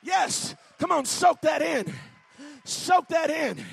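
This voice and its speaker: A man preaching a fiery sermon in a church, shouting and exhorting with insistent repetition. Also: extremely high pitch, lively intonation, slow pace, vocal fry, a faint crowd.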